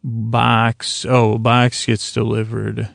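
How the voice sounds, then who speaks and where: A man talks through an episode in a relaxed, meandering recap, full of hesitations and restarts. His voice is gravelly and fairly monotone. The sound is close and dry. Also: mid-range voice, slow pace, dry recording. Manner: rambling, hesitant, lots of fillers. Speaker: podcast host.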